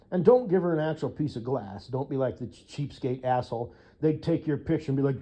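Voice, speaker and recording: Man, casual rambling monologue, mellow and a little high-pitched, profane, amused at himself. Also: fast talker, hardly any pauses. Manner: chatty, profane, laughs at own jokes. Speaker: vlogger.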